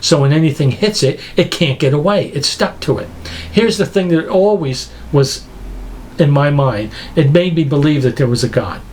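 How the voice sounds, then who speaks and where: A man's voice: fairly high pitch, normal speed, a little mellow, slight background noise. A man preaching a lecture-style sermon, emphatic and full of rhetorical questions.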